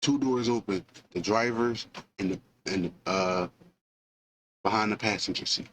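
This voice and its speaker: A man casually retelling a film scene for a movie review, with animated storytelling full of fillers and asides. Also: lowish voice, unhurried, slight background noise, rough recording.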